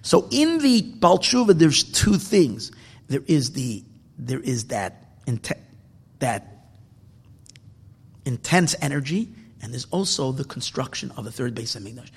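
A man teaching a Torah class as a sermon, swinging from loud emphatic bursts to hushed near-whispers. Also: mid-range voice, very animated, a little slow, gravelly, long pauses, husky, big-room sound.

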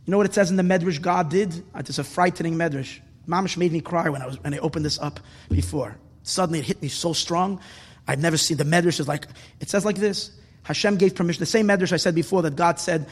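A man giving an impassioned sermon as a religious teacher, repeating words for emphasis and swelling toward shouts. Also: sits high, brisk. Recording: long reverb in a hall.

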